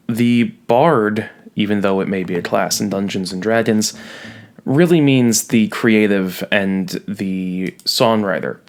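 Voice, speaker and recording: A male teacher giving a recorded lecture in a low, gravelly voice. He talks slowly and playfully, stretching out the words he wants to land. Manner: playful, jokey, drawn-out emphasis on key words.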